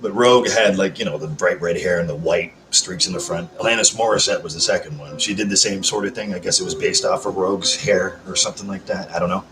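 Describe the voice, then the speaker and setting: A man's voice: low-pitched, fast, few pauses, noisy background. A man hosting a casual live chat, rambling, swearing freely and answering viewer comments. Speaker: livestream host. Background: background music.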